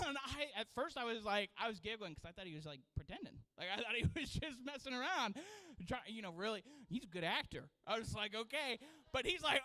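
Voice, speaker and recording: Animated, bright-voiced preaching man. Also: extremely high pitch, fairly quick, rough recording. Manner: animated, laughing storyteller. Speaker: children's pastor. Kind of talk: sermon with storytelling. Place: church sanctuary.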